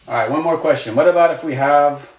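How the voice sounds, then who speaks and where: A man's voice: fairly high pitch, fast, reverberant. Encouraging man teaching to a live chat. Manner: patient, encouraging, asks questions and praises. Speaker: Arabic teacher. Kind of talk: live online lesson.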